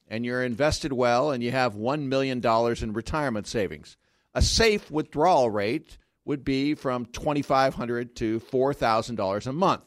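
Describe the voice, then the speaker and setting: A man's voice: medium pitch, dry recording, studio quality. A man explaining personal finance on a morning radio show, plainspoken and joking. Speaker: financial planner guest. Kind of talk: radio money segment and banter. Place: radio studio. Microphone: studio mic.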